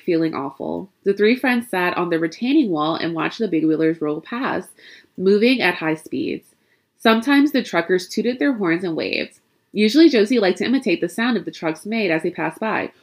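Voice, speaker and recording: A woman reading a spooky story aloud, expressive and chatty, adding her own asides along the way. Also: medium pitch, normal speed.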